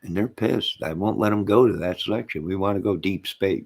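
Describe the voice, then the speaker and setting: Man, husky very low voice, rambling live-chat monologue, laughs to himself. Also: moderate pace, hardly any pauses. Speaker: channel host.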